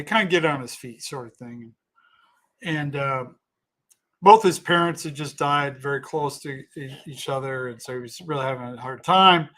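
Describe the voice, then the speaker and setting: Man, slightly higher voice, loose chatty storyteller who restarts sentences. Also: a bit bright. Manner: rambling, self-correcting, thanks donors mid-story. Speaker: comedian telling a story on a livestream. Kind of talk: casual storytelling.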